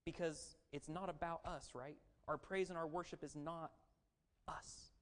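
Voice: mid-range voice, fairly even intonation, unhurried. A preacher giving a sermon in a conversational way, asking the audience questions and adding self-deprecating jokes. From raised as a Baptist missionary and pastor's kid.

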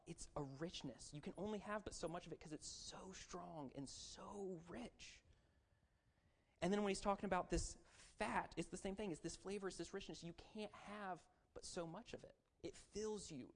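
A preacher giving a sermon in a conversational way, asking the audience questions and adding self-deprecating jokes. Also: medium pitch. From raised as a Baptist missionary and pastor's kid.

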